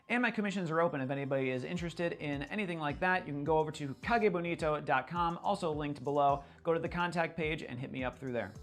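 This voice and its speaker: A young man closing an art tutorial video, thanking his supporters and giving friendly, casual plugs. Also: a little high.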